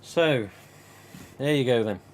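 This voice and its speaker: Speaking slowly at a medium pitch, a male live stream host and collector chats casually and rambles, chuckling a lot. The recording carries slight background noise.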